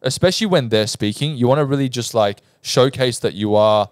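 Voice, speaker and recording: A man's voice: medium pitch, brisk, no room sound, clean studio sound. A young Australian man co-hosting a casual podcast, explaining his points step by step and telling stories with animation. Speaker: podcast co-host.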